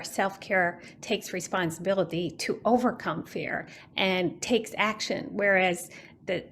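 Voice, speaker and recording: An earnest woman gives a reflective talk over a video call. She speaks at an everyday pitch and often restarts phrases as she works through her thoughts. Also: slight background noise. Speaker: guest speaker. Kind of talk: online talk on self-care. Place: home, online meeting.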